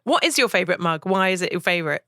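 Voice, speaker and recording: A woman's voice: fairly low pitch, animated, racing, sharp tone, no echo, studio quality. A woman hosting an interview, bubbly and laughing often as she tells stories. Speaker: podcast host. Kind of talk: quick-fire interview questions, casual chat.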